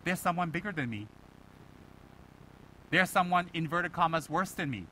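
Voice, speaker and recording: A Buddhist teacher giving a dharma talk to students, animated and emphatic, firing rhetorical questions and mimicking other people. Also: male voice, on the high side, moderate pace, a little hiss or hum, poor audio.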